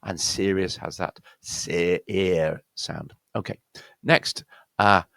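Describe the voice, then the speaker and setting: A man with a British accent teaching pronunciation, slowing down to spell out words with exaggerated care. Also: deep voice, steady tone, vocal fry, fairly bright tone, no echo. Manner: slow, exaggerated demonstrations of words. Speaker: accent coach. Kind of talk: pronunciation lesson.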